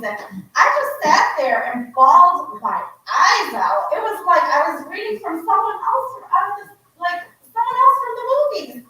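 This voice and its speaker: A woman's voice: high-pitched, sharp tone. A woman in her forties from Laos, speaking unscripted as a guest author at an event and telling a heartfelt personal story in a conversational way. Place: indoor museum exhibit event. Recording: echoey hall from far off.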